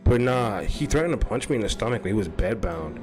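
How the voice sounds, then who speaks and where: A male host chats in a loose, rambling way, swearing freely and laughing often. His pitch jumps all over the place as he talks. Soft music hums faintly in the background. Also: lively intonation, brisk. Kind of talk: casual talk-show chat.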